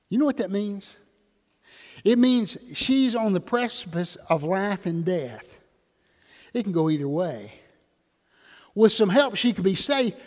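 An older man preaching a sermon in a church, rising loud then dropping soft, with questions to the congregation. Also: high-pitched, lively intonation, moderate pace, big-room sound. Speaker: pastor. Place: church sanctuary.

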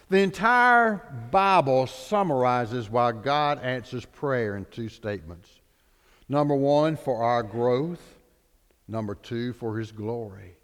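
Animated preacher in a reverberant hall. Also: male voice, mid-range voice, a little slow. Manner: dramatic preacher, voices the people in the stories. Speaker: pastor. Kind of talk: sermon.

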